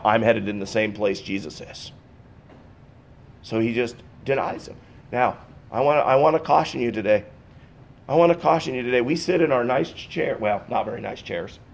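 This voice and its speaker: A man preaching in a church, his voice set a little higher than most men's. He swings between loud, emphatic bursts and hushed, intense passages as he talks to his congregation. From Pacific Northwest. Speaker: pastor. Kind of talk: sermon. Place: church sanctuary.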